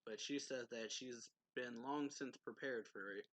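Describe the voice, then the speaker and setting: A man's voice: medium pitch, unhurried, a bit bright, dry recording, poor audio. A man casually recapping a manga chapter in a rambling way, filling his sentences with "like" and restarting often. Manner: rambling, heavy use of "like", frequent restarts. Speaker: manga reviewer.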